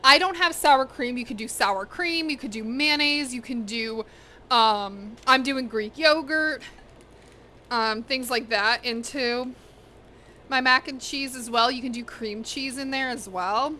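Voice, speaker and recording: Young woman streaming from her kitchen, bright, slightly high voice, chatty, soft hum of the room behind. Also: a little slow. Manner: chatty, talks to chat and to her pets. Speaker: cooking streamer. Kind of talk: casual livestream chat while cooking. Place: home kitchen.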